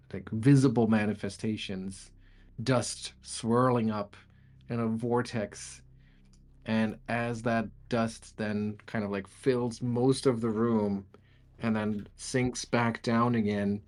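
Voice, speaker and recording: Game master, male, unhurried narration, pauses often to describe scenes. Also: lowish voice, a little mellow. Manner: measured, halting descriptive narration.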